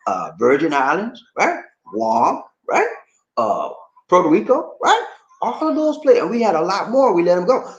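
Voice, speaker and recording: With a high-pitched, creaky voice at normal speed, a Charleston, South Carolina man hosts a casual livestream. He talks to viewers, reads their comments and laughs often in a lively manner, though the audio is dull and the room echoey.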